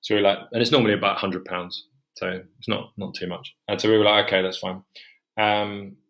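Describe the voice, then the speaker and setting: A young man with a lowish voice recounts a difficult episode from his life. He keeps backing up to correct himself and tells it candidly as a podcast guest. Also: fairly bright tone. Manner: rambling, self-correcting, emotional retelling. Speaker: guest author. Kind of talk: candid personal storytelling.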